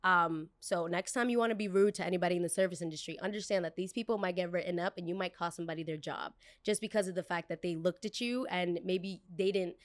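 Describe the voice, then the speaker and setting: A young woman tells a story from her job in a loose, chatty podcast style. She acts out each quoted person, jumping up in pitch and volume for the dramatic lines. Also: fast, few pauses. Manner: animated, acts out quotes with shifting voices. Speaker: podcast host.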